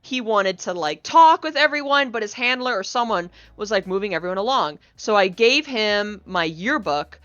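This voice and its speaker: Chatty woman telling lively anecdotes. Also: medium pitch, normal speed, hardly any pauses, no room sound, dull audio. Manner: animated storyteller, acts out quoted people. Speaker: guest, game co-developer. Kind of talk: casual podcast chat.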